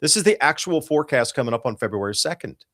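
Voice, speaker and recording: Male talk-show host, mid-pitched, emphatic and rambling, dry close mic. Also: fast, no room sound. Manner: excited, emphatic, rambling with restarts. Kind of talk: casual talk-show commentary on weather charts.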